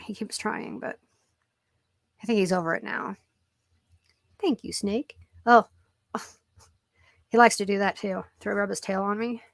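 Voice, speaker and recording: A woman's voice: mid-range voice, vocal fry, a bit bright, no room sound. A woman vlogging casually from home at her computer, rambling with lots of fillers and cooing at her cat. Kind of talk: casual chat to camera. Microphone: computer microphone.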